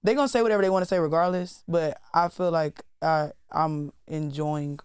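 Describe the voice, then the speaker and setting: A young woman talks in a blunt, profane, rambling way full of fillers. Her voice is smooth and clear, recorded dry and close on a studio mic. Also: low-pitched, moderate pace, no room sound. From Atlanta. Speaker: rapper guest. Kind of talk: candid interview talk.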